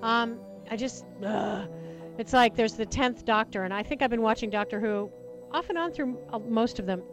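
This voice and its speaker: A woman hosting a talk radio show, chatty and enthusiastic, with quick asides, speaking into a studio microphone. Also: on the high side, music in the background, poor audio. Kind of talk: talk radio chat with callers.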